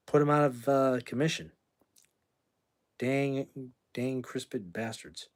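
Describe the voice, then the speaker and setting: Brash rambling American livestream host. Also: male voice, mid-range voice, a little mellow. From United States. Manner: brash, rambling, trash-talking. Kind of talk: casual livestream chat answering viewer comments.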